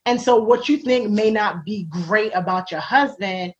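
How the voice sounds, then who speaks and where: A woman as an interview guest in casual faith-centred chat, animated and laughing often, acting out the voices she quotes. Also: medium pitch, a little slow. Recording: dull lo-fi recording.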